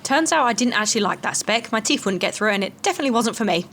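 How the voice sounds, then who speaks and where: A woman's voice: a little high, animated, racing, background noise. A young woman vlogging a hiking trip, chatting casually and poking fun at herself. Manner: chatty, self-mocking. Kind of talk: casual travel vlog chat and voice-over.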